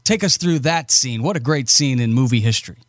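A man's voice: mid-range voice, expressive, brisk, no echo, clean studio sound. A man interviewing a film director, enthusiastically praising famous scenes and asking for the stories behind them. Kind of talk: interview questions.

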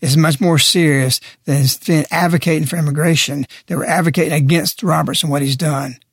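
A man's voice: on the high side, steady tone, brisk, gravelly, husky, dry recording, clean studio sound. A man speaking on a radio talk show in an impassioned, preaching way, pressing his points hard. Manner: forceful, preaching, emphatic.

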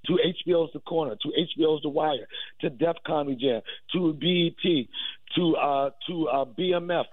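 A man's voice: a little high, normal speed, dry recording. A man, a comedian guest, riffing and boasting playfully in a joking radio interview over the phone. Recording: tinny phone line.

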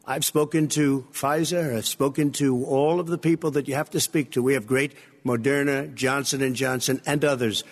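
Man in his 70s, blunt debater who cuts in, short repeated claims, average pitch. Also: fairly even intonation, normal speed, few pauses, husky. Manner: blunt, repetitive, interrupting. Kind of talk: heated live debate. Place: debate stage in a hall.

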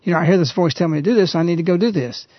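A man hosting a radio talk show, earnestly retelling a story in a halting, conversational way. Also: high-pitched, no room sound. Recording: dull, lo-fi radio recording.

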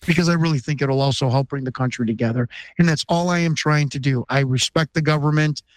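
Insistent American man in his 50s, a podcast guest who pleads his case earnestly; fairly high voice, dry close sound. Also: fast talker, no room sound. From Chicago, USA. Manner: earnest and emphatic, insistent questions. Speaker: interview guest. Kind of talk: podcast interview.

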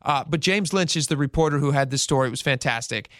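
Male radio host, animated storyteller, slightly high voice, dry booth sound. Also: quick pace, dry recording. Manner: animated storytelling, retells quotes in character. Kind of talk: casual radio talk.

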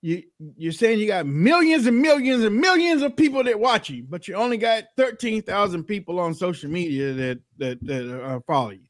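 A man hosting a podcast, his voice pitched high for a man. He chats casually and tells stories with lots of energy, stumbling over repeated words and switching into the voices of the people he quotes. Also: moderate pace, hardly any pauses. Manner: animated storyteller, repeats words, acts out quotes. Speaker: podcast host. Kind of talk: casual chat.

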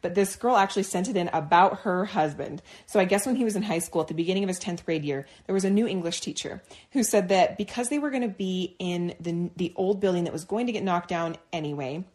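A woman in her thirties co-hosting a podcast, telling school stories in a casual, animated way and laughing often. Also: lowish voice, fast talker. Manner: animated, laughing, acts out quotes. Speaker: podcast co-host. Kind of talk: casual storytelling chat.

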